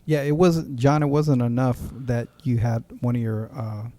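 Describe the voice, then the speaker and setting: A man's voice: medium pitch, fairly even intonation, normal speed, warm tone. A man co-hosting a podcast, recalling things in casual chat with an eager, stammering delivery. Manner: stammering, enthusiastic recollection. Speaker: podcast co-host.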